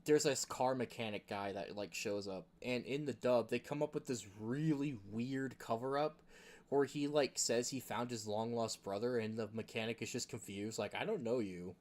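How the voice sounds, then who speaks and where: A man's voice: medium pitch, steady tone, moderate pace, a little mellow. A man hosting a gaming video, talking in a rambling, casual rant full of filler words. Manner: rambling, chuckling, heavy use of filler words.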